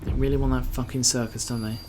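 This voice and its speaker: A man's voice: medium pitch, flat delivery, fast talker. A man talks his way through a game in a mid-range voice, muttering complaints and dropping casual swears as he plays. It is loose, self-directed commentary. A faint hiss of background noise sits under the voice. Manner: grumbling, sweary, muttering to himself. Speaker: gameplay commentator.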